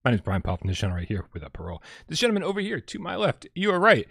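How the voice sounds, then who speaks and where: A man's voice: fairly high pitch, wildly swooping pitch, rapid-fire, vocal fry, few pauses, a bit bright, husky, dry recording, clean studio sound. A man co-hosting a casual gaming podcast, joking around and rambling with restarts. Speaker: co-host.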